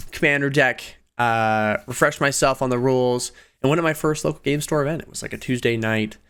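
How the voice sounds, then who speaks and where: A man in his twenties telling personal stories in a casual vlog, animated, laughing often and jumping up in pitch on emphasis. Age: 20s. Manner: animated, laughing storyteller with sudden pitch jumps. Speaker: video creator.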